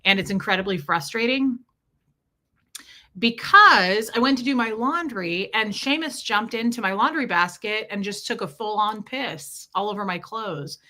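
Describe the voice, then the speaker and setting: A woman's voice: medium pitch, sharp tone. A woman chatting casually on a livestream, rambling from story to story and greeting viewers by name.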